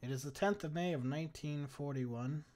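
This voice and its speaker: A man's voice: a little high, moderate pace, darkish tone. A young man giving casual strategy-game commentary, laughing often and swearing freely. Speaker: gaming commentator.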